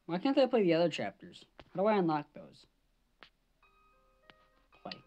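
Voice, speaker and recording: A woman's voice: on the low side, wildly swooping pitch, normal speed, faint music behind. A woman gamer giving live gaming commentary, jumpy, swearing and shrieking at scares, on a slightly dull lo-fi mic.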